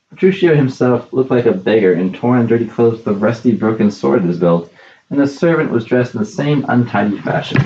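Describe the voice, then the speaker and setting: A man's voice: fairly low pitch, mellow, roomy sound, lo-fi sound. Man reading a storybook aloud. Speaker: narrator. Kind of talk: storybook narration.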